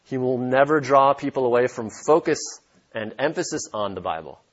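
A man's voice: mid-range voice, lively intonation, normal speed, dull audio. A man preaching a sermon as pastor, emphatic and repeating his key points for stress.

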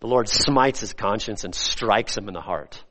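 A male pastor preaching a sermon, swinging between loud, rising emphasis and soft, hushed lines. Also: fairly low pitch, moderate pace. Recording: long hall reverb.

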